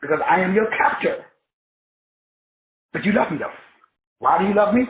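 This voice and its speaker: A man's voice: sits high, normal speed, a little hiss or hum. A man teaching in a preachy style, spelling words out letter by letter and answering his own questions with emphatic repetition. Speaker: self-help teacher. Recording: tinny phone-like sound in an echoey room.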